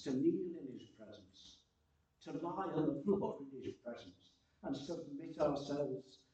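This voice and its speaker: A man preaching a sermon, slow and earnest, repeating phrases for emphasis, recorded from a distance in a large room. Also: mid-range voice, mellow. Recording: distant, roomy and muffled.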